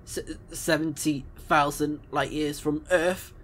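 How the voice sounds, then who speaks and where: A man's voice: fairly high pitch, steady tone, slow, a bit bright, pitched above the performer's own voice. A man reading a formal starship AI. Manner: stiff, polite, formal reading with stumbles. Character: formal, dutiful male starship AI. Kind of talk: reading game dialogue aloud.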